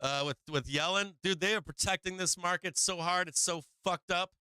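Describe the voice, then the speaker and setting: Bright-voiced blunt swearing man. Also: sits high, normal speed, smooth, no room sound. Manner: blunt, swearing, rambling with restarts; laughs often. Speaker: stock market live stream host. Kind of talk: casual profane market commentary. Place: home live-stream setup.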